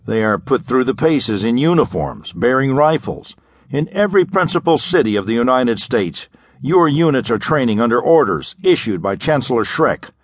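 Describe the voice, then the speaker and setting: A man's voice: medium pitch, big pitch swings, normal speed, dry recording. A man voicing a grim intelligence agent who accuses and presses a prisoner, in an audiobook. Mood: accusing.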